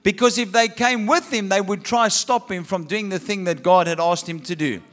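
High-voiced man preaching a sermon. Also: moderate pace, fairly bright tone. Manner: humorous asides and rhetorical questions. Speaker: pastor.

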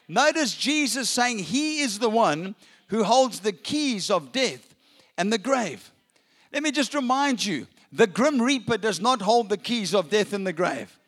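A male pastor preaching an Easter sermon in a church, with slow, dramatic pauses for emphasis. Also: high-pitched, animated, fairly bright tone. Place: church with a balcony.

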